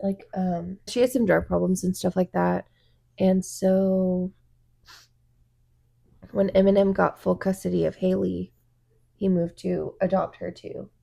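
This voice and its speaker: A woman's voice: lowish voice, unhurried, creaky, long pauses. A woman co-hosting a casual chat podcast, telling stories animatedly with lots of fillers. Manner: chatty, animated storytelling with fillers. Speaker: podcast co-host.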